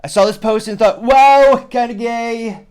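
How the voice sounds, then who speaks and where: A man doing an exaggerated impression of a brash president, mocking and high-pitched. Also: unhurried, a little mellow, smooth.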